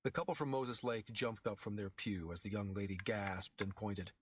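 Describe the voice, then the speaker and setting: Male audiobook narrator with a measured, dramatic read. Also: lowish voice, slightly rough, no room sound.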